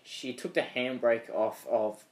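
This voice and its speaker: In relaxed podcast banter, this young Australian co-host wanders through long stories and imitates the voices of the people in them. He speaks at a medium pitch in a steady, unhurried tone.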